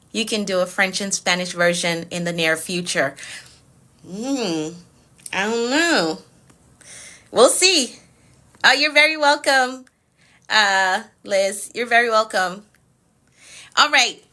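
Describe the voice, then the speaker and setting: A woman with a Jamaican accent, a productivity coach talking to her live-stream viewers. She recites declarations in a steady pattern and repeats phrases for emphasis. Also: medium pitch, slow pace, long pauses. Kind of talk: live-stream motivational talk with spoken decrees.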